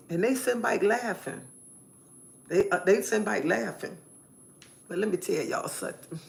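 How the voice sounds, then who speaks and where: A woman's voice: medium pitch, normal speed, vocal fry, pauses often. A woman live streamer giving an emphatic personal testimony, repeating phrases in a preacherly way.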